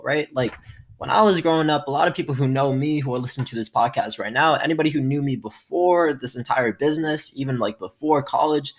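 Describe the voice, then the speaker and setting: A young man hosting his own solo motivational podcast, talking energetically and shifting his tone and loudness often. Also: a little high, fast. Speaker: podcast host.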